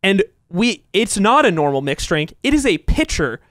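A young man co-hosting a podcast, telling a long story in animated casual chat, swearing and laughing as he goes. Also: sits high, moderate pace, no echo, clean studio sound. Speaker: podcast co-host.

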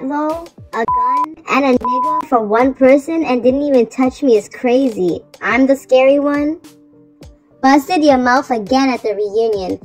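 A woman's voice: fairly high pitch, poor audio. A woman defiantly answering accusations with dismissive taunts. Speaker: reality TV personality. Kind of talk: defiant response over music.

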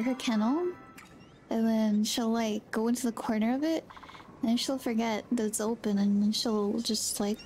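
A woman streamer chatting casually with her viewers while gaming, soft-spoken and giggly. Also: on the high side, slight background noise.

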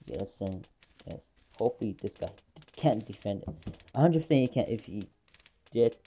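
A woman chatting excitedly through live gameplay commentary, swinging between groans and gloating. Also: a bass voice, moderate pace, breathy edge, lo-fi sound. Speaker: gaming channel host.

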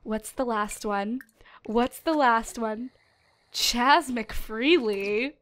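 A young woman giving casual, animated commentary on a video game she is playing, with dramatic outbursts. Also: fairly high pitch, very slow. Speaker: gaming YouTuber. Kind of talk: casual let's-play commentary.

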